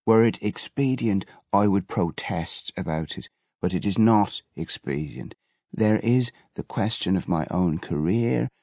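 A man's voice: deep voice, darkish tone, no room sound, clean studio sound. A man voicing an earnest, self-serving male prison chaplain with a pompous manner.

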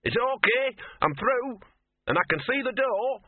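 A man's voice: very high voice, lively intonation, a little slow, dry recording, voice pushed up, full character voice. A man voicing a cynical, scruffy talking dog with a sneering, grudging, streetwise manner, in a storybook reading. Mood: relieved. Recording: tinny lo-fi dry audio.

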